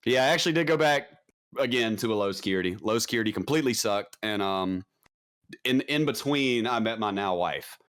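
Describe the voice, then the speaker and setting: A man's voice: on the low side, expressive, fairly quick, fairly bright tone, clear, resonant tone. A man speaking as a podcast guest, telling his story in a candid, blunt, casual way and often tossing in "man". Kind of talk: casual conversation.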